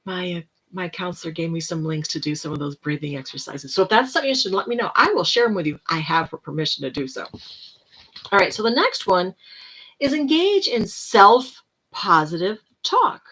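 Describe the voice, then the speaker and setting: A tired woman giving casual self-help talk, rambling and relaxed, now and then dropping to soft whispered breathing cues. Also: lowish voice, brisk, slight background noise, low-quality recording.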